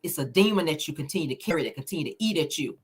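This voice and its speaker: A woman in her thirties giving blunt, animated celebrity news commentary straight to her viewers and swearing freely. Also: deep voice, rapid-fire, husky, soft background music.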